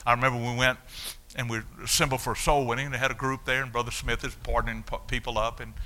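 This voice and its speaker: A man, preaching a sermon as a story of his own life, dropping low and then shouting out the punch lines. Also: flat delivery, fast. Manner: storytelling, swings from hushed to shouting. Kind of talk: sermon testimony.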